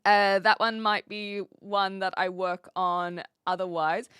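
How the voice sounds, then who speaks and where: A woman's voice: mid-range voice, steady tone, slow pace, a bit bright, clear, resonant tone, no echo, studio quality. A woman from New Zealand with a mixed New Zealand, Australian and American accent, chatting casually and giggly as a live streamer with lots of fillers. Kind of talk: casual chat.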